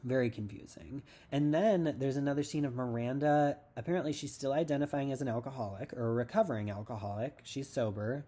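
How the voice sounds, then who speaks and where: A man's voice: medium pitch, brisk, few pauses, warm tone, husky. A man hosting a casual TV recap podcast, rambling and sarcastic with lots of "like". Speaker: podcast host.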